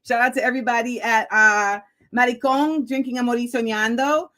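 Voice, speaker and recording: Chatty excitable woman hosting live. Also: fairly high pitch, fairly quick. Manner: chatty, excitable, laughing often. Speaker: host. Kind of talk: live-stream talk show chat.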